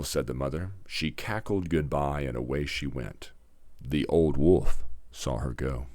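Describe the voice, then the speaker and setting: A man narrating a fairy tale in a measured, dramatic storybook reading. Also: extremely low pitch, darkish tone, no echo.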